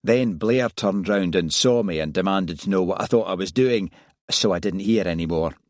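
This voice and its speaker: A man's voice: sits low, normal speed, no echo, clean studio sound, close to an everyday voice. A man reading aloud, voicing a wry, gossipy Scottish detective inspector who likes his whisky. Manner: chatty, gossipy storytelling.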